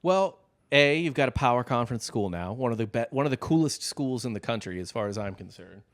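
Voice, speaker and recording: A man's voice: mid-range voice, lively intonation, brisk. A man co-hosting a podcast in casual chat, rambling and joking, with lots of likes and restarts. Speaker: podcast co-host.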